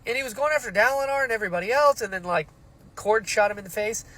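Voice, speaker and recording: A man talking casually in a book reaction vlog, with animated, emotional reactions and casual swearing. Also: high-pitched, fast talker, rough recording. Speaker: book reviewer.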